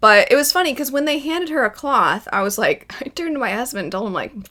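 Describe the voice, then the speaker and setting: A young adult woman giving casual, enthusiastic first-impressions commentary on an anime, chatty and quick to laugh. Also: on the high side, expressive, bright, forceful tone. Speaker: anime reaction vlogger.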